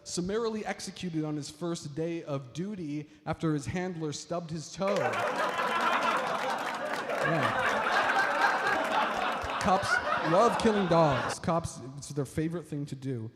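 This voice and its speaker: A man's voice: fairly high pitch, slow, long pauses. Rambling stand-up comic man. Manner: rambling, filler-heavy, addresses audience as folks. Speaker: stand-up comedian. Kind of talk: stand-up comedy set. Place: stage before a live audience. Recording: reverberant hall with crowd and noise.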